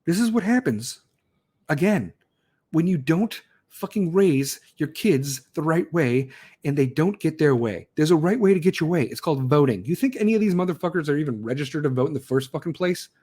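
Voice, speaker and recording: Ranting man, higher voice, swearing nonstop. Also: animated, a little fast, darkish tone, husky. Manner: angry, swearing constantly, mocking voices. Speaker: podcast host. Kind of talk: profane rant.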